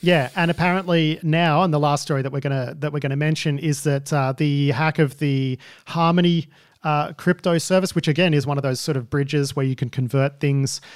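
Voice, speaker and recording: A man's voice: fairly high pitch, steady tone, fairly quick, clear, resonant tone, no echo, clean studio sound. A man hosting a news podcast, chatting casually and wryly, with many fillers. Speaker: podcast host.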